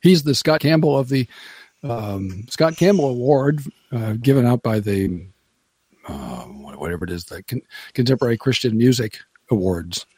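A man's voice: mid-range voice, big pitch swings, moderate pace, warm tone, slightly rough, no echo. A man, a former radio broadcaster, chatting casually as a podcast guest, rambling and restarting his sentences and laughing often. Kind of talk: casual chat.

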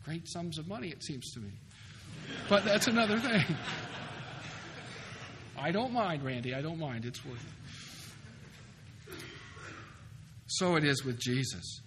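Man, lecturer, high voice, emphatic, animated, wry, long hall reverb, faint hiss. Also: a little slow, long pauses. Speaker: seminary professor lecturing. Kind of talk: conference lecture on theology. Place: conference hall. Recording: hall reverb with faint noise, 2004 recording.

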